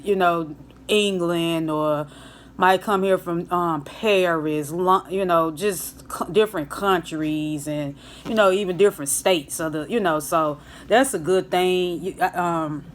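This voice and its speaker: Low-voiced woman rambling casually. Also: a little slow, a little hiss or hum. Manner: relaxed, rambling, with restarts and Southern US slang. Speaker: vlogger, hotel banquet server. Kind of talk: casual chat to camera. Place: at home, indoors.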